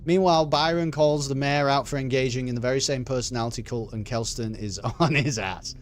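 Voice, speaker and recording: A man's voice: mid-range voice, a little fast, slight background noise. Sarcastic man streaming a game. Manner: joking, sarcastic, swears. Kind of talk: casual let's-play commentary.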